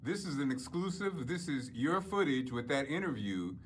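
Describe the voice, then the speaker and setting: A man's voice: on the high side, expressive, normal speed, slight background noise. A man hosting a daytime TV show, reading an intro and then asking questions. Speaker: TV talk show host. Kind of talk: scripted intro, then interviewing.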